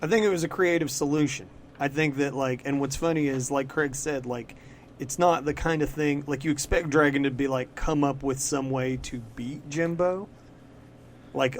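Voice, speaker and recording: A man co-hosting a podcast, chatting casually about comics in a loose, profane way, full of "like" fillers and quick laughs. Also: mid-range voice, slight background noise. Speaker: podcast co-host. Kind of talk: casual comic-book chat.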